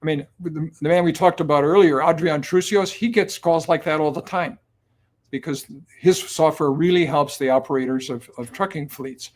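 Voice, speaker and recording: A man in his seventies, a guest on an interview show, telling long stories in a relaxed, anecdotal way with many ums and uhs. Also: a little high, normal speed. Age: 70s. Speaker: guest, company cofounder. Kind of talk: conversational storytelling.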